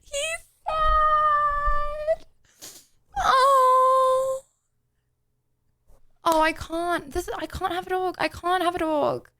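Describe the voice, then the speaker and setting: A woman's voice: extremely high pitch, steady tone, normal speed, few pauses, no room sound. A woman streamer chatting casually with her live chat in a bubbly, rambling way while she plays a drawing game.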